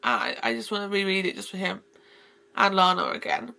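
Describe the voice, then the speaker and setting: Gushing, gravelly-voiced woman book vlogger. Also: mid-range voice, animated, brisk, pushed and bright. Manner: gushing and effusive, rambling with restarts. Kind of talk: casual book-review vlog.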